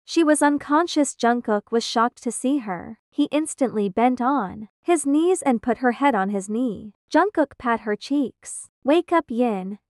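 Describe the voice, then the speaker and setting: A woman's voice: on the high side, animated, measured pace, hardly any pauses, a little mellow, dry recording, clean studio sound. Woman narrating a fan story. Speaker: fan fiction reader.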